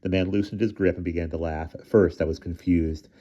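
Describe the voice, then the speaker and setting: A man reading a children's novel aloud, narrating and acting out the boys' dialogue in raised, excited voices. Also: low voice, brisk. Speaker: audiobook reader. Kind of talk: storybook narration. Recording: dull lo-fi recording.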